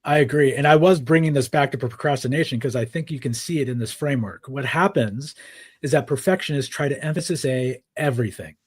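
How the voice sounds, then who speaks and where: Husky-voiced man explaining with "right?" tags. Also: mid-range voice, brisk, dry recording. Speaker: podcast guest, author. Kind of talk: conversational interview.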